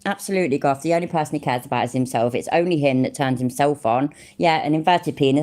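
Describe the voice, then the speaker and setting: A woman's voice: very deep voice, dark tone. A British woman hosting a casual reaction livestream, mocking the clip, laughing often and thanking chatters by name. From United Kingdom. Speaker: livestream commentator reading chat.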